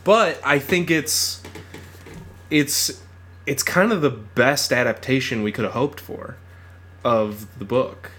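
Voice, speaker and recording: Man, podcast co-host, casual chat, enthusiastic, animated. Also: mid-range voice, slow, long pauses. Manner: enthusiastic, animated film talk.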